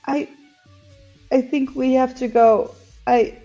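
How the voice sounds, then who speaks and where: A woman's voice: on the high side, measured pace, warm tone, soft background music. A woman playing a tabletop game, speaking expressively as her character. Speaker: player. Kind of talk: casual chat. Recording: slightly dull lo-fi mic.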